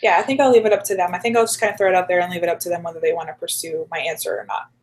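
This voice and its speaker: A woman's voice: on the low side, fairly even intonation, very fast, low-quality recording. A woman telling stories in a casual interview, chatty and full of "like" fillers. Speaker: guest. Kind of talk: casual storytelling chat.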